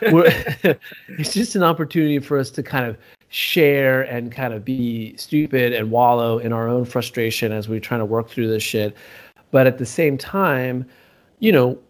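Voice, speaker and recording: Middle-aged male podcast co-host, loose and rambling, casual cursing, mid-pitched voice. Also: moderate pace. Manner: rambling, swears, trails off and restarts.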